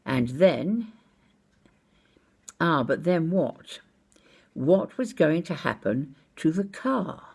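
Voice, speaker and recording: A woman's voice: low-pitched, sing-song, slow pace, gravelly, long pauses, a little mellow, husky. An older woman recounting a personal anecdote in a precise, wry, well-spoken way. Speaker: storyteller.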